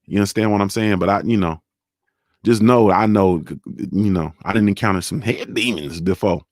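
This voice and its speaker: A man's voice: fairly low pitch, moderate pace, a little mellow, no echo, studio quality. A young man hosting a casual live-stream show about boxing, telling stories in loose, profane slang. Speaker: show host.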